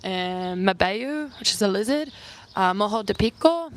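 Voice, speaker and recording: A woman's voice: mid-range voice, expressive. Chatty young woman from New Zealand. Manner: chatty, heavy use of "like", quick asides. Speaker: travel vlogger. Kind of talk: casual Q&A chat. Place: outdoors on an island.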